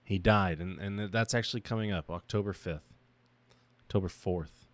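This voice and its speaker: A man's voice: sits low, moderate pace, no echo. A young man hosting his own podcast, talking about himself in a raw, emotional monologue that halts and restarts. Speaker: podcast host. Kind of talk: personal reflective monologue.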